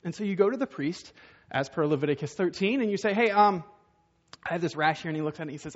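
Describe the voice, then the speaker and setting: A man's voice: on the high side, racing. A man preaching a sermon in a conversational way, asking rhetorical questions and acting out the voices of the people he quotes. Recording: dull, echoey hall sound.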